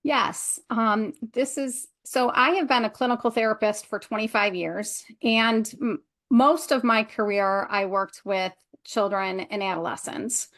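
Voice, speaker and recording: A middle-aged woman, a clinical therapist, answering interview questions in a measured, reflective way with frequent pauses and ums. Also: on the high side, fairly even intonation, fairly bright tone. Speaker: guest, clinical therapist and coach. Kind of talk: interview answer, personal story.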